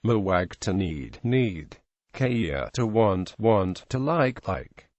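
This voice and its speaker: Give me a male voice reading a grammar article aloud, with a lot of pitch movement. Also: takes it slowly, dry recording, highs cut off. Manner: steady reading of word lists and example phrases. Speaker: narrator.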